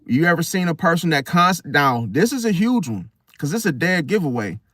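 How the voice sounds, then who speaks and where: A man hosting a casual astrology talk, animated and slangy, often acting out other people in high voices. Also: moderate pace, no echo, studio quality. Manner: slangy, addresses listener as bro. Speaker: astrology video host. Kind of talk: casual spoken monologue.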